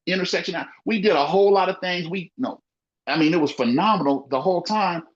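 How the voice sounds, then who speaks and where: Speaking fast in a high-pitched voice, this man, who runs a small business, talks casually on a podcast. He keeps stressing and repeating his points, with plenty of "you know." The recording sounds muffled and lo-fi.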